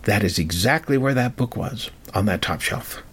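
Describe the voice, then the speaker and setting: A man voicing a sweet older woman librarian, speaking calmly and matter-of-factly in a low, gravelly voice. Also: normal speed, full character voice. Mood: calm firm.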